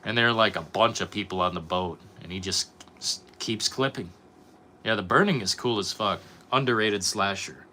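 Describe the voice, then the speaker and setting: A man's voice: on the low side, moderate pace, bright, forceful tone, slight background noise. A young man streaming, chatting casually with his viewers, rambling and swearing a lot. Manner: profane, rambling, reacting to chat. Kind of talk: casual live-stream chat.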